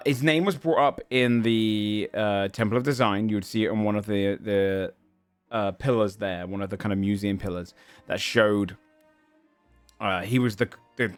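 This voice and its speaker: A man narrating a tabletop game as game master, halting with fillers and restarts. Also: fairly low pitch, steady tone, smooth, no echo, faint music behind.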